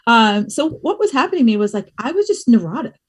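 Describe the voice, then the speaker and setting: A woman from the US East Coast, a guest on a podcast, telling stories in an animated, expressive way and laughing as she talks. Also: a little high, quick pace. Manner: animated storyteller, expressive, laughs while talking. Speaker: podcast guest, fitness business owner. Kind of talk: casual conversational interview.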